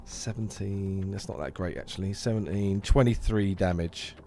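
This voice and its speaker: A man's voice: sits low, steady tone, moderate pace, dark tone, faint music behind. A man playing a tabletop game, thinking aloud casually as he rolls dice. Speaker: player.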